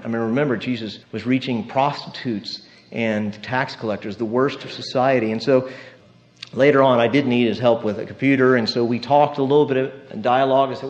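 Male preacher, casual storytelling sermon, mid-pitched voice, dull lo-fi sound. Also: steady tone, fairly quick. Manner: conversational, storytelling with tag questions. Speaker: pastor. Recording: muffled lo-fi sermon recording.

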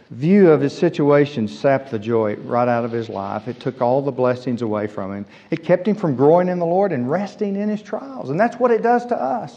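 A man's voice: sits high, darkish tone. A man preaching a sermon, emphatic, repeating his key phrases for weight. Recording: dull lo-fi sound with long hall reverb.

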